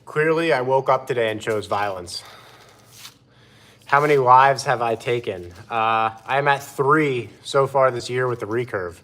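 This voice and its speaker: A man hosting a live stream outdoors, chatting in a relaxed way and greeting viewers by name. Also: mid-range voice, measured pace. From Pennsylvania. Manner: laid-back, answers chat by name. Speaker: livestream host. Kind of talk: casual live-stream chat.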